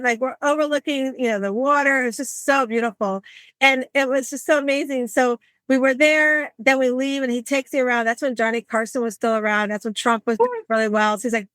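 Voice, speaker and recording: A woman's voice: sits high, fairly quick, dry recording. Dry-voiced woman in her sixties, chatty storyteller. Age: 60s. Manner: animated, acts out quoted voices. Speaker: podcast host. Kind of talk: conversational storytelling.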